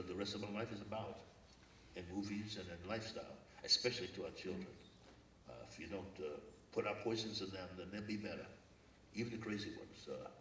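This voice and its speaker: A man's voice: sits low, a bit bright, slight background noise. An older man from Brooklyn, a guest speaker telling stories at a public forum, earnest and reflective. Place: lecture hall. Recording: echoey hall from far off.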